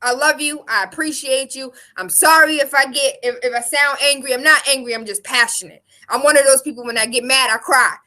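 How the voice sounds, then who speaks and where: A young woman with a high, bright, piercing voice rants fiercely to camera. She is emphatic, profane and openly emotional, pressing each point as a local activist. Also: brisk, hardly any pauses. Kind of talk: impassioned direct-to-camera rant.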